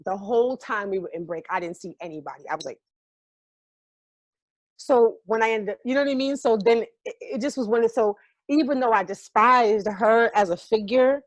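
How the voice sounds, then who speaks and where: A woman's voice: medium pitch, no room sound. Frank, vivid woman recounting a role. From New York. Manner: vivid, profane, emotionally open. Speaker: guest, stage actor. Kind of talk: casual storytelling.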